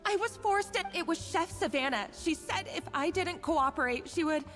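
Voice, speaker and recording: Timid, stammering young cook. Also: female voice, extremely high pitch, animated, fairly bright tone. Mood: remorseful. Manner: halting, apologetic, stammering. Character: timid guilt-ridden young female cook. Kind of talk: video game voice acting. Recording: game audio with long reverb and faint music.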